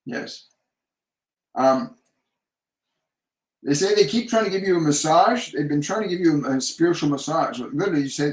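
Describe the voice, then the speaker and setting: A man hosting a live medium Q&A, relaying messages and leading slow guided breathing in a gentle, repetitive way. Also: fairly high pitch. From Canada. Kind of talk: live-stream channeling Q&A. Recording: echoey room.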